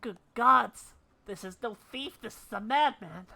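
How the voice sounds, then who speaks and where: A woman voicing a theatrical, bumbling gentleman inspector in a video game, speaking in old-fashioned formal phrasing. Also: mid-range voice, lively intonation, normal speed. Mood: dramatic.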